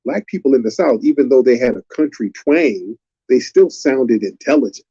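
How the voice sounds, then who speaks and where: A man's voice: mid-range voice, animated, moderate pace, mellow, slightly rough, muffled recording. A man hosting a live stream, lecturing in an emphatic, repetitive way.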